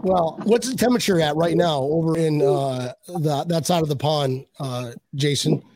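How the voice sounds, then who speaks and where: A man's voice: on the high side, moderate pace, darkish tone, slight background noise. A man hosting a casual chat, rambling and joking, often repeating his words. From Buffalo, USA. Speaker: podcast host.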